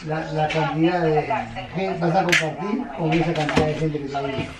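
A man's voice: fairly high pitch, fairly even intonation, fast talker, distant mic, over loud music. A man chatting and explaining things at length at home. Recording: roomy, off-mic, with crowd noise.

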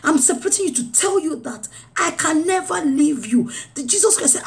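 A woman preaching a sermon with a fairly high voice. Her pitch leaps and dips all through, with loud urging phrases giving way to low, quiet lines. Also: lively intonation, brisk, gravelly.

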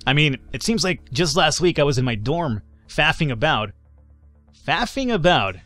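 A man's voice: on the high side, very animated, normal speed, fairly bright tone, no echo, soft background music. A man casually commentating a game he plays, chatty and joking, reading dialogue in voices. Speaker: gaming YouTuber. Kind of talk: let's play commentary.

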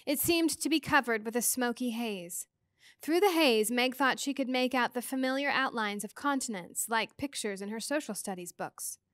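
A woman teacher reading a novel aloud to students with expressive, measured storytelling. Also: fairly high pitch, no echo, studio quality.

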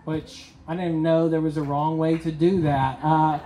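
A man's voice: on the high side, little pitch movement, moderate pace, warm tone, reverberant, a faint crowd, low-quality recording. A man performing a stand-up comedy set in a club, telling stories and acting out the dialogue. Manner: storytelling with acted-out dialogue.

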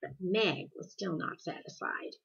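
A woman reading a novel aloud in a slow, measured storytelling manner, in a dull lo-fi recording. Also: fairly low pitch, creaky, fairly bright tone, husky. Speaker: audiobook reader.

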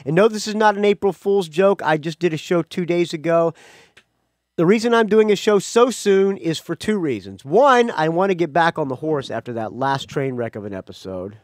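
A man hosts his own music podcast in a slightly high, animated voice at normal speed, recorded in studio quality with no room sound. His casual solo talk rambles and stays chatty, full of restarts, asides, and self-corrections.

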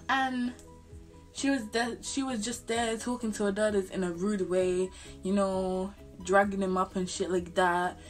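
A young woman telling a storytime vlog, full of slang and swearing. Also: mid-range voice. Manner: animated, slangy, swears freely. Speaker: vlogger.

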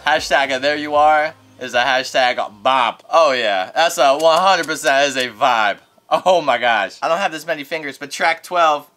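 A young man hosting radio, giving an excitable casual reaction to an album in a studio as he rates each track. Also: on the high side, moderate pace. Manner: excitable, rates tracks in flames, laughs often. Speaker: radio host reviewing an album. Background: music playing.

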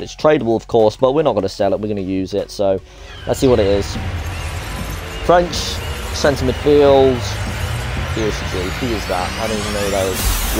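Young dude chatting through pack openings, gets excited, faint music under him. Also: male voice, fairly low pitch. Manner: excitable, chatty, reacts aloud to each card. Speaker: gaming YouTuber.

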